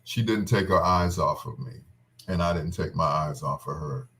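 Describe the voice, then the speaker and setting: A man fondly recalling a wedding in casual, heartfelt talk. He is tearful and halting, full of restarts and trailing pauses. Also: a bass voice, fairly bright tone, a little hiss or hum. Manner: tender and tearful.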